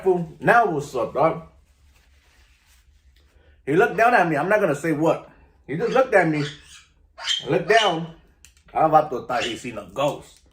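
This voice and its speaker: Talking to camera, a middle-aged man vlogs in a relaxed, slangy way, telling stories and repeatedly using "you know" and "vato." His pitch is fairly high and the sound is roomy.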